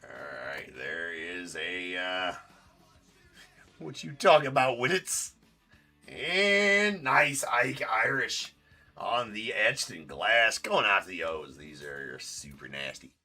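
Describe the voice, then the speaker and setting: A man's voice: sits low, very animated, slow, sharp tone, soft background music. A man hosting a live card break stream, chatting casually and joking as he opens packs, with the odd swear.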